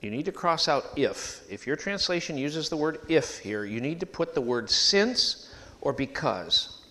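A man preaching a sermon in a church, emphatic and animated, leading the congregation to repeat phrases after him. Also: fairly high pitch, unhurried. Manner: sings hymn lines at the start.

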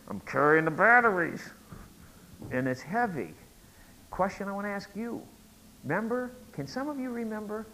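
Animated middle-aged preacher man. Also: sits high, a little hiss or hum, poor audio. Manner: animated storyteller, rises to loud emphatic peaks. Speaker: pastor. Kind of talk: sermon with a told joke.

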